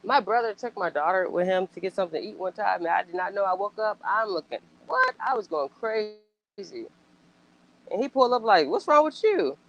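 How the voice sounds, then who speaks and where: The recording is muffled, and the woman on it has a mid-range voice with vocal fry and a brisk delivery. In this casual reaction chat she comments bluntly and emphatically, frequently profane, with animated outbursts and rhetorical questions.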